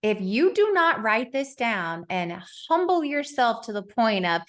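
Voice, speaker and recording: A woman hosting a podcast interview, telling stories in an animated, chatty way. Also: fairly high pitch, a little slow, few pauses. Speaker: podcast host. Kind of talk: casual interview chat.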